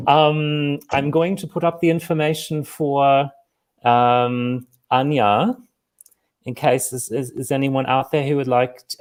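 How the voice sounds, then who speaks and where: A man's voice: mid-range voice, flat delivery. A man hosting an online comedy show from home. He rambles and stops often, mocking himself as he goes. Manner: rambling, halting, self-mocking. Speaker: host. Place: home, on a livestream call.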